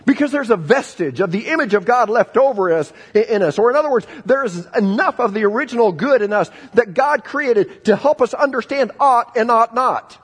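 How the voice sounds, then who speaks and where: Lively high-voiced male preacher in a hall. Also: breathy edge. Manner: dramatic swings from loud emphasis to quiet, drawn-out refrains. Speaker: pastor. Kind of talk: sermon. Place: large church sanctuary. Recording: long hall reverb.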